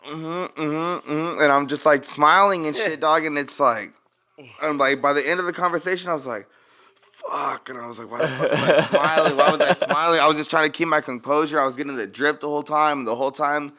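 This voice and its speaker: A man's voice: a little high, a little fast, bright, forceful tone. A man from California, hosting a podcast and telling stories in loose, slangy casual chat, quoting others and laughing often. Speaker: podcast host.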